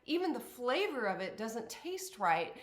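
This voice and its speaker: A woman's voice: a little high, measured pace. Affirming woman host in an echoey room. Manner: warm, affirming, animated when acting out inner voices. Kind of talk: conversational interview.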